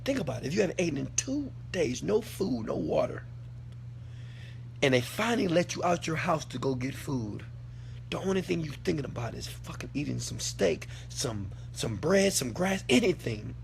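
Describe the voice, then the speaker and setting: A man with a gravelly edge to his voice delivers an impassioned motivational talk, hammering each point with repetition and the odd swear word. He drops low, then swells loud for emphasis. A faint hum sits under the recording. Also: sing-song, normal speed. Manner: preachy, repeats lines for emphasis, swears, swings from quiet to loud. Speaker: motivational speaker answering a question.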